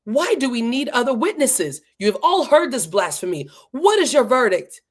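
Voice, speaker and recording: A woman reading as an indignant high priest. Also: sing-song, moderate pace.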